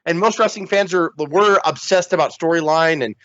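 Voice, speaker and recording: A man co-hosting a wrestling podcast in casual chat, animated and swearing, acting out quotes. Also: fairly high pitch, normal speed, no echo, highs cut off. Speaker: podcast co-host.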